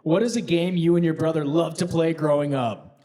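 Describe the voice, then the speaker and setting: A relaxed man in his thirties co-hosts a podcast from an arena stage, his voice somewhat high for a man. He teases and tosses out casual slang in an easygoing way. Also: moderate pace, crowd noise. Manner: laid-back, teasing, casual slang. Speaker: podcast co-host. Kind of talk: live podcast chat on stage. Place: large arena, live audience.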